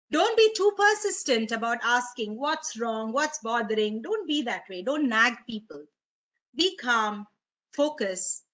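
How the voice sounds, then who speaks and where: Woman, webinar presenter, bright and fairly high voice, gentle advice-giving delivery. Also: low-quality recording. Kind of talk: informal wellness talk.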